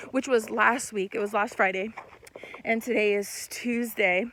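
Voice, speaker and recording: A young woman in casual storytime talk, animated and swearing, acting out what people said. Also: a little high, unhurried, slight background noise. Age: young adult. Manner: animated, swearing, laughs mid-story, acts out quotes. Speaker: vlogger.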